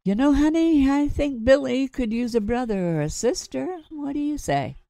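A woman's voice: high voice, lively intonation, normal speed, gravelly, dark tone, no echo, studio quality, pitched above the performer's own voice. A woman voicing a hearty, joking father who teases his wife and son. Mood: teasing. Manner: jovial, teasing.

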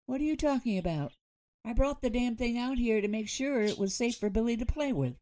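A woman's voice: on the high side, a little fast, warm tone, slight background noise, pitched above the performer's own voice, close to an everyday voice. A woman voicing a hearty, joking father who teases his wife and son. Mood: jovial. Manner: jovial, teasing.

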